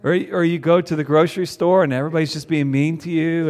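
A man's voice: fairly high pitch, fairly even intonation, fast, few pauses, darkish tone. A man preaching a sermon to a congregation, conversational, with rhetorical questions. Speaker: pastor. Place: church before a congregation.

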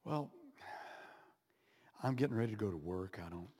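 A man telling a personal story as a sermon, animated, with dramatic pauses and playful sound effects. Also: fairly low pitch. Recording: echoey hall with long reverb.

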